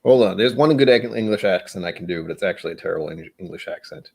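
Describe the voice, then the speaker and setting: A man's voice: low voice, expressive, fast talker, vocal fry, slightly rough. A man hosting a live whiskey tasting, chatting casually in a rambling, musing, self-deprecating way. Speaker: host of a whiskey tasting stream. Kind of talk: casual live-stream chat while tasting.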